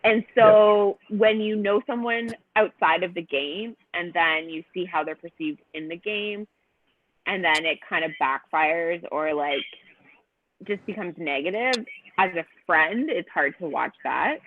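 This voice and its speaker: A woman's voice: on the low side, measured pace, dry recording. A woman guest talking casually on a podcast, telling her story with lots of fillers. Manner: animated storyteller, many fillers. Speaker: guest contestant. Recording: tinny phone-like audio.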